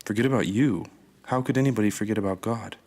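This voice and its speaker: A man's voice: lowish voice, quick pace, a little mellow, close to an everyday voice. A man voicing a small, anxious young soul in a storybook reading, with an earnest, questioning manner.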